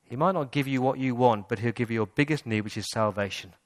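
A man's voice: medium pitch, fast, no room sound, studio quality. A man preaching a sermon in a church, asking rhetorical questions and building to emphatic passages. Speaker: pastor. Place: church hall.

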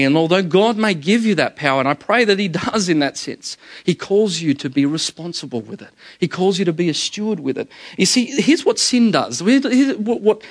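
Here's a middle-aged man, a pastor, whose slightly high voice carries an animated, story-driven sermon in which he repeats words a lot and refers to listeners as "guys."

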